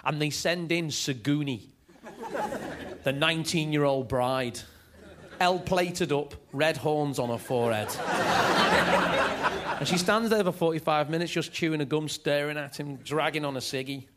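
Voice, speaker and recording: A man's voice: a little high, unhurried, pauses often, background noise. A man doing a stand-up comedy set, telling stories with energy. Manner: energetic, animated storytelling.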